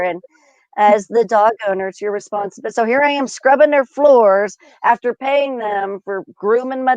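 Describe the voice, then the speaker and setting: A woman telling casual, exasperated stories on a live show, often trailing off quietly. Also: medium pitch, dry recording, low-quality recording. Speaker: co-host. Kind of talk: casual comedic storytelling.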